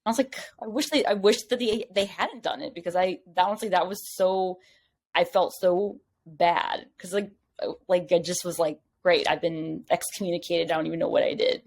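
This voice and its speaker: A woman as a podcast guest, telling a story in casual chat, rambling and animated, full of "like" and acted-out quotes. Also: on the low side, moderate pace.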